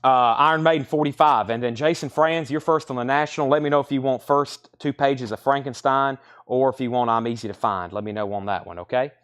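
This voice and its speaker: A man running a live online record sale in a relaxed, chatty voice. He talks at a middle pitch and keeps up a steady flow of bids, buyer names and prices, repeating each price as he goes. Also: a little fast, hardly any pauses, clean tone. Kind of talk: live-stream sales patter.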